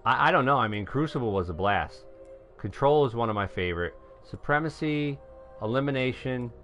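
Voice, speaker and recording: A middle-aged man from New York giving excitable live gameplay commentary, calling out to viewers and shouting when things go his way. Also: mid-range voice, fairly quick, faint music behind. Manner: excitable, shouts at wins, talks to viewers as folks. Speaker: gaming live streamer.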